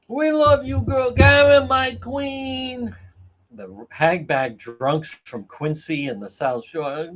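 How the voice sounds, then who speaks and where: A man's voice: fairly high pitch, breathy edge. A man hosting a livestream, telling stories in a casual, profane, laughing way. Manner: profane, laughing, animated storytelling. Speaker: livestream host.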